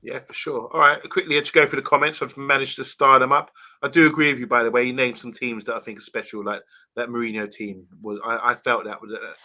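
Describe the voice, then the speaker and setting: Bright-voiced chatty man. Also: medium pitch. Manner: chatty, greets viewers by name. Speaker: livestream co-host reading comments. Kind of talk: casual football chat.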